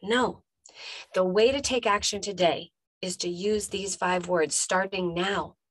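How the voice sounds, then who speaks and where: A woman's voice: medium pitch, steady tone, unhurried, husky. A woman life coach giving a motivational podcast monologue, emphatic and talking straight to the listener, repeating punchy phrases.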